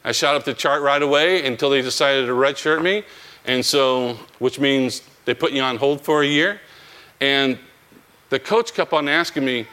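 A man's voice: mid-range voice, normal speed. A man telling a story from his life in a conversational interview, acting out the dialogue of the people in it. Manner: animated, acts out quoted dialogue.

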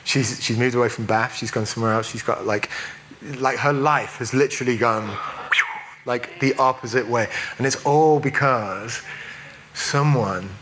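A man from England giving a sermon as a preacher, chatty and self-deprecating, with quick asides. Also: medium pitch, a bit bright, rough recording.

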